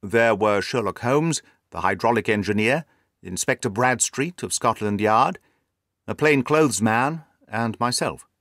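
A man narrating a story in a measured, scripted style. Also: mid-range voice, fairly bright tone, no echo, studio quality.

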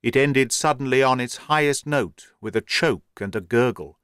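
A man giving a measured, steady narration of an audiobook. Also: mid-range voice, clear, resonant tone, dry recording, studio quality.

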